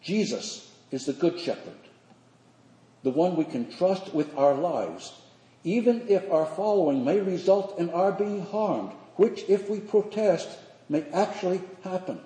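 An older man, a priest, preaching a sermon in measured, earnest phrases with slow emphatic pauses. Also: high voice, animated, mellow. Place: church sanctuary. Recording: echoey church hall.

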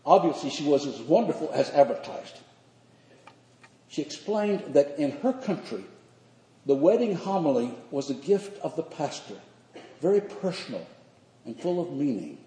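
An older man, a priest, preaching a sermon in measured, earnest phrases with slow emphatic pauses. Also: fairly high pitch, very animated, mellow. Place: church sanctuary. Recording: echoey church hall.

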